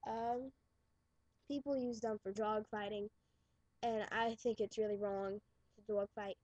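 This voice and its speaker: A woman's voice: mid-range voice, steady tone, unhurried, darkish tone, dry recording. A teenage girl with a New York accent, rambling casually into her webcam with many restarts. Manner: chatty, restarts and trails off. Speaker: webcam vlogger. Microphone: webcam mic. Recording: dull lo-fi webcam audio.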